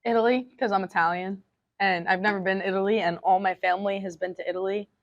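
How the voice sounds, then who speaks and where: A teenage girl with an everyday mid-pitched voice, chatting casually with her teacher. She sprinkles "like" through her sentences and giggles often. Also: steady tone, fast, highs cut off. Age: teens. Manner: giggly, uses filler 'like' a lot. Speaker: student interviewer. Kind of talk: casual chat over wings.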